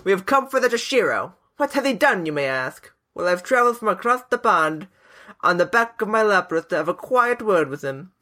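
A man's voice: sits high, big pitch swings, brisk, pushed and bright, exaggerated voice. Guy doing a hammy cockney bloke, puffed up and stern, voice jumps all over. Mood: mock-stern. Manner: mock-pompous, laughing through it. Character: blustery middle-aged English gent. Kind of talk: podcast banter.

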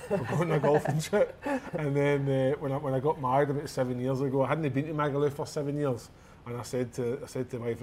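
Scottish co-host, 30s, mid voice, rowdy storyteller. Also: male voice, mid-range voice, steady tone, fast, darkish tone, a little hiss or hum. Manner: boisterous storyteller, laughs a lot, swears. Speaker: podcast co-host. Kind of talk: casual chat.

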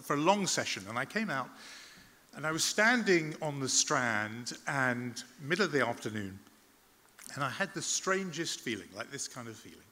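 A man, a journalist, giving a public talk in a measured, reflective storytelling manner, often pausing on "uh" and restarting words. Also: mid-range voice, sing-song, bright, forceful tone, big-room sound.

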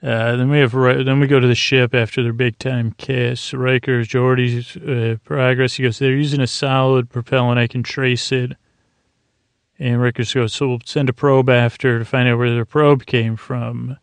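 Rambling man with a gravelly voice. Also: medium pitch, flat delivery, moderate pace, dry recording. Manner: rambling, many fillers and restarts, paraphrases dialogue loosely. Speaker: podcast host recapping an episode. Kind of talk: casual solo recap.

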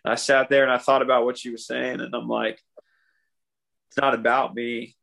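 A man's voice: medium pitch, level tone, normal speed, vocal fry, a bit bright. A man in his thirties, speaking heartfelt and confessionally in a casual podcast conversation, often adding "man" and "you know.". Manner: heartfelt and confessional, with many restarts.

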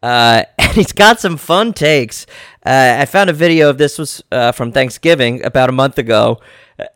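A man's voice: mid-range voice, lively intonation, moderate pace, fairly bright tone, smooth, no room sound, clean studio sound. A young man hosting a casual solo sports podcast, rambling and cutting himself off mid-thought. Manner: rambling, self-interrupting, chatty. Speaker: podcast host.

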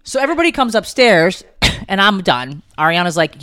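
A woman's voice: mid-range voice, big pitch swings, moderate pace, bright, forceful tone, dry recording. A middle-aged mother chatting casually with family, rambling and poking fun at herself. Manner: chatty, rambling, self-mocking.

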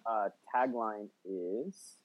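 A man's voice: lowish voice, very slow. A man co-hosting a podcast who rants in a fired-up way during casual chat. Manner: fired up, ranting. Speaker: podcast co-host. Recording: dull lo-fi sound.

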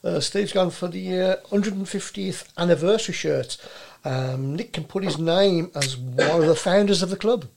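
A man co-hosting a casual football fan podcast, reading listener comments and trailing off quietly. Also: high-pitched, normal speed, gravelly. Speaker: podcast producer and co-host.

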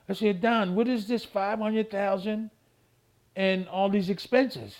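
A man's voice: sits high, moderate pace. A man, an interviewee, telling a long story and acting out phone calls, repeating himself. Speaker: interviewee, former boxing champion.

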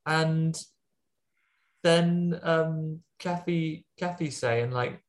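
A man's voice: on the high side, extremely slow. A man in casual podcast chat, retelling a film's plot in a rambling, chatty way.

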